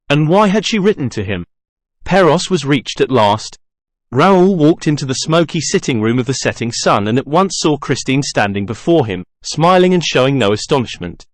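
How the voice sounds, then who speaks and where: A man reading a novel aloud as scripted narration, measured and clear. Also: mid-range voice, no echo, clean studio sound. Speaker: audiobook reader.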